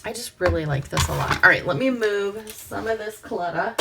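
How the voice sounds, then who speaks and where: A woman's voice: mid-range voice, expressive, normal speed, vocal fry, hardly any pauses, background noise. A woman hosting a crafting vlog, chatting to herself and her viewers as she works, sometimes dropping to a whisper. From Pacific Northwest. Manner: chatty, talks to herself while working, drops to soft whispers. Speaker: crafting channel host. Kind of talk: casual crafting vlog chat.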